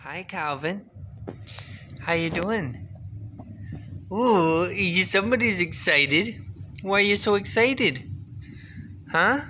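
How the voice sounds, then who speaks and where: A father in a casual home video, gently coaxing his baby to talk with sing-song questions. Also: high-pitched, expressive, slow, long pauses, background noise.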